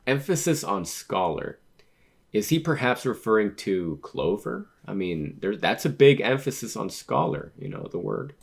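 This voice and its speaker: A man reading a manga aloud and reacting to it. He gets excitable and stammers when something surprises him. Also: lowish voice, moderate pace, gravelly.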